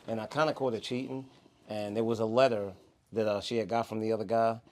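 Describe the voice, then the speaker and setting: A man's voice: fairly low pitch, little pitch movement, quick pace, background noise. A man with a New York accent, co-hosting a podcast in casual chat, laid-back and laughing at his own stories. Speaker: podcast co-host.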